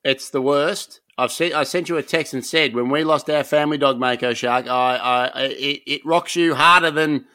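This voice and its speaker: Australian man, podcast co-host, slightly higher voice, lively and sweary. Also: moderate pace, few pauses, dry recording, studio quality. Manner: animated, teasing, swears casually. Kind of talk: casual podcast banter.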